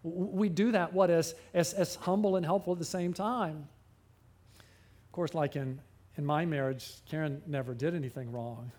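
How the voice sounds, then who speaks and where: High-voiced, animated male preacher. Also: moderate pace. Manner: animated preaching with big pitch swings and drops. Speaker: pastor. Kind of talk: sermon.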